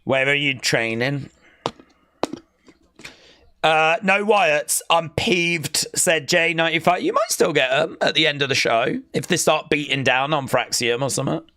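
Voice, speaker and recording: A man hosting a live watch-along stream, chatting casually, reading out viewer comments and calling the action with sudden excitement. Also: fairly high pitch, moderate pace, no room sound, studio quality. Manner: excitable, chatty, reads chat aloud.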